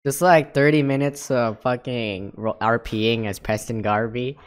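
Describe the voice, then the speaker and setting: A man's voice: medium pitch, fairly even intonation, normal speed, smooth. Worn-out swearing gamer guy. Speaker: gamer YouTuber. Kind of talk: casual game voice chat.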